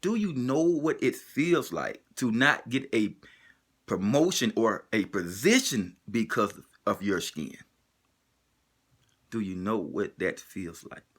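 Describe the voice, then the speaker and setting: A man's voice: fairly low pitch, animated, slow, a bit bright, husky. A man delivering an emotional spoken monologue, driving it forward with the same pointed rhetorical question again and again.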